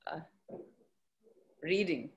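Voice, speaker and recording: A middle-aged woman in fitness, answering interview questions thoughtfully with many pauses and fillers. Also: sits low, lively intonation, lo-fi sound. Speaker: fitness professional guest.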